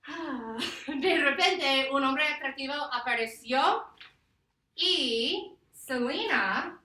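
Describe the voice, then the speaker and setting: A woman teacher giving a classroom lesson, lively and laughing, stretching words out slowly to model them. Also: sits high. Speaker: Spanish teacher. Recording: echoey classroom from far off.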